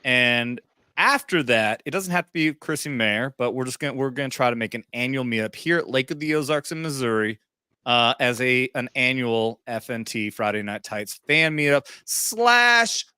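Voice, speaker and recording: A man's voice: mid-range voice, lively intonation, moderate pace, pushed and bright, clear, resonant tone, no room sound, studio quality. A drunk man co-hosting a podcast, talking loosely and swearing often in casual chat. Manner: loose and profane. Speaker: podcast co-host.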